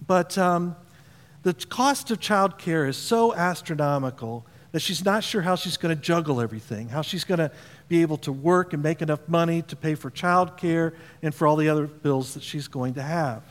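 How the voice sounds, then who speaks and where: A man's voice: fairly high pitch, moderate pace, long reverb tail. A man preaching a sermon as pastor, talking conversationally and asking the congregation questions. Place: church auditorium.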